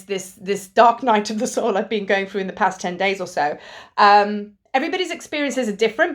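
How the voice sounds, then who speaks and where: A woman, a spiritual teacher, talking earnestly and rambling a little, with the odd casual swear. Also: on the high side. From Britain. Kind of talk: casual spiritual talk to camera.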